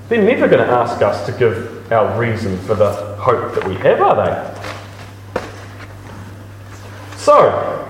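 A man's voice: a little high, darkish tone, a little hiss or hum. A man giving an earnest, conversational and self-deprecating church talk. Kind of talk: casual sermon. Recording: echoey hall, mic at a distance.

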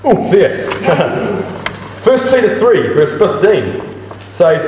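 A man gives a relaxed, earnest church talk, self-deprecating and conversational, his voice rising and falling a lot. He is caught from a distance in a big, echoing church hall with long reverb and a faint background hum. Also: high-pitched, extremely slow. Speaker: lay preacher giving a church talk. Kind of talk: casual sermon. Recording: echoey hall, mic at a distance.

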